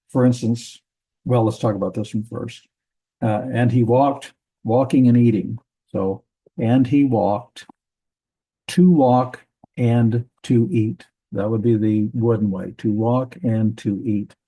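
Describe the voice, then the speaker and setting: A man teaching a grammar lesson from a Bible language textbook, methodical, repeating words and pausing with fillers. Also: mid-range voice, dark tone, slightly rough, poor audio.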